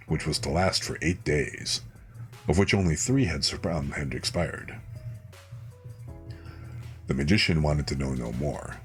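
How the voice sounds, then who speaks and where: A man calmly reading a fairy tale aloud as a bedtime story, unhurried, with small slips he corrects. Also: very deep voice. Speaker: streamer reading fairy tales.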